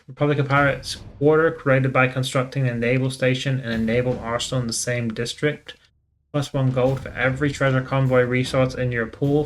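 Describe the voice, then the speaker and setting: A man hosts a strategy game playthrough and reads the game's text aloud in an even, matter-of-fact way. He breaks off now and then for casual asides. His voice is bright and crisp at a middle pitch, with soft guitar music in the background. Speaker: gaming channel host.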